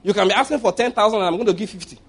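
High-voiced emphatic preacher man. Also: racing, husky. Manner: emphatic, repeats phrases, rhetorical questions. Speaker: pastor. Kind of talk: sermon.

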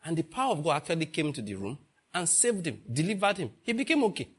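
A man's voice: on the high side, very animated, quick pace, a bit bright, husky. A man preaching a sermon, asking the congregation rhetorical questions and repeating phrases for emphasis.

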